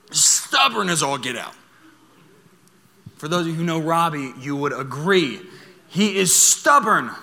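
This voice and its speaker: A young man preaching a sermon, telling a story in an animated way and laughing as he goes. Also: fairly high pitch, long reverb tail. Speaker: pastor.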